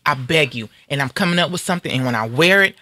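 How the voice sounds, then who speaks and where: A woman's voice: sits low, lively intonation, fast, pushed and bright, no room sound. A woman hosting a talk radio show, delivering an angry, emphatic and defiant rant.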